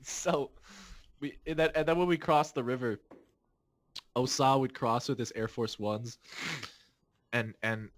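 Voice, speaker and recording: A man's voice: mid-range voice, steady tone, unhurried, pauses often. A man in his twenties, a podcast host, telling a rambling story in casual chat, laughing often and restarting his sentences.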